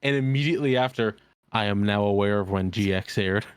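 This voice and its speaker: A man's voice: lowish voice, brisk, smooth. A man co-hosting a casual podcast, joking and swearing freely as he reacts to an episode. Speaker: podcast co-host.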